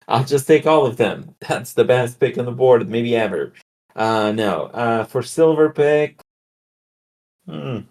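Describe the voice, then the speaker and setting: A man's voice: mid-range voice, a little mellow. Joking man co-hosting a sports podcast. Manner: joking, teasing banter. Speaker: podcast co-host. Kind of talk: casual sports betting chat.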